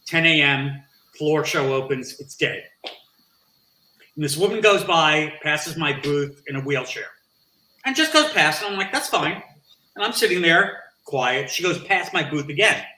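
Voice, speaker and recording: A man who is a guest on an interview podcast, telling a story with animated, acted-out dialogue. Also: on the high side, a little slow, reverberant, low-quality recording. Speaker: interview guest, nonprofit founder.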